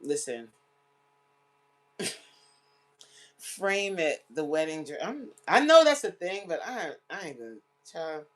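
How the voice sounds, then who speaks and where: A middle-aged woman hosting a casual livestream chat, chatty and animated, often laughing and teary-eyed. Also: fairly low pitch, slow, pauses often. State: tearing up. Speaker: livestream host.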